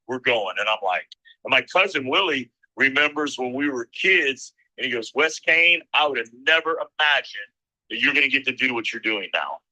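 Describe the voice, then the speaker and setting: A middle-aged man who announces races talks through his memories in a loose, rambling way, and he acts out the lines other people said. His voice is very bright and cutting, with an everyday middle pitch. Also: poor audio. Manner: rambling anecdotes, acting out quoted lines. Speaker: motocross race announcer. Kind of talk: casual storytelling interview.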